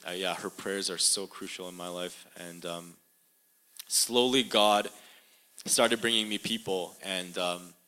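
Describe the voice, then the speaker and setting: Halting young man with a bright voice. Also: low-pitched, steady tone, smooth, low-quality recording. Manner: halting, many fillers and restarts. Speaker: guest sharing a personal testimony. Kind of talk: earnest interview answers. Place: room with a live audience.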